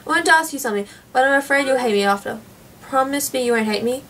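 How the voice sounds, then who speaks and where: A woman's voice: sits high, fast talker, fairly bright tone, slight background noise, rough recording. A woman reading a game character's chat messages aloud, a young woman talking things over after a breakup. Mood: quiet.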